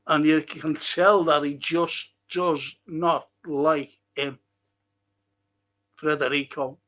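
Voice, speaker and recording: A man's voice: a little high, level tone, slow, fairly bright tone. A middle-aged man, hosting a casual football livestream and answering viewer comments bluntly, swearing often. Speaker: football podcast host.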